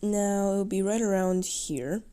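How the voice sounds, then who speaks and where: A woman's voice: medium pitch, measured pace, noisy background. A woman livestreaming as she draws, talking casually to herself and swearing now and then. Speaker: livestreaming artist. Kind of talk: casual livestream chat while drawing.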